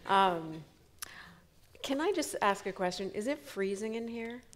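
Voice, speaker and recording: A woman's voice: mid-range voice, lively intonation, measured pace, slight background noise. Hesitant woman interviewer onstage. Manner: hesitant, lots of ums. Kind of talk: live onstage conversation.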